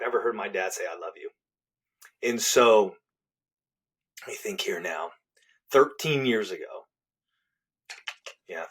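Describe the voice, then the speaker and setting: A middle-aged man speaking as a podcast guest, sharing a personal story with real earnestness. His voice sits at an ordinary pitch, and he falls almost to a hush when the story turns tender. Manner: earnest, heartfelt, drops to a hush at tender moments. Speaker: podcast guest, relationship author.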